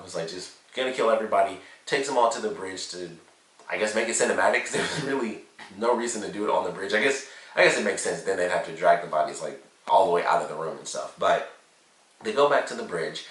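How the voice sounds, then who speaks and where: A man's voice: fairly low pitch, a bit bright, distant mic. A man giving a casual, rambling recap and review of a TV episode, full of "like" and "you know". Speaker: TV show reviewer. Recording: roomy echo, set back from the mic.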